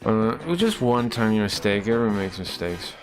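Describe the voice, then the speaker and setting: A man's voice: lowish voice, very animated, moderate pace, faint music behind. A man streaming live, chatting casually with his viewers in rambling, profane rants that keep breaking off and restarting.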